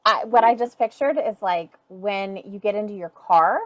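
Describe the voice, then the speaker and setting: A woman hosting an interview, animated and thinking aloud, often restarting her sentences. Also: mid-range voice, normal speed, low-quality recording. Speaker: podcast host. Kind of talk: conversational interview.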